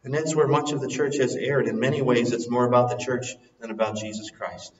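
A man preaching a sermon, dropping soft and low, then rising loud and emphatic. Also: little pitch movement, brisk, slight background noise. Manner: swings from soft and low to loud and soaring, sings a hymn line. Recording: echoey hall, recorded from a distance, muffled.

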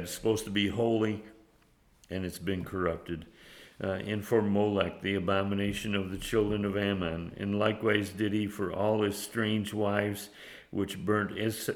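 A man with a very deep voice preaches a sermon, earnest and halting, often restarting his words. He reads scripture in old-fashioned phrasing. His voice echoes around the room. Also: steady tone.

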